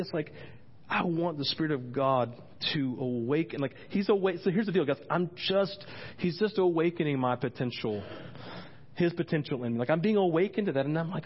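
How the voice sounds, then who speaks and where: Earnest rambling pastor, lo-fi. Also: male voice, on the high side. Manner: earnest, rambling, breaks off and restarts often. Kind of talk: sermon with spoken prayer. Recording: dull lo-fi recording.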